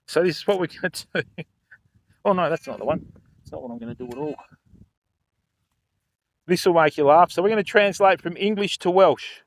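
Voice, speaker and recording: A man's voice: fairly high pitch, brisk, pauses often. An older man hosting a fishing livestream, chatting casually and joking with viewers. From Australia. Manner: chatty, jokey, laughs often, addresses chat by name.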